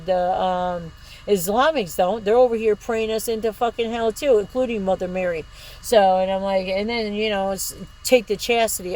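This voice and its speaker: A woman's voice: a little mellow, low-quality recording. A woman speaking straight to camera in a rambling, heated monologue, swearing often and jumping from thought to thought, her voice leaping up when she gets worked up. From Michigan, United States. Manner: profane, heated, jumps between thoughts; breaks into short laughs, pitch leaps up when agitated. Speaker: video blogger.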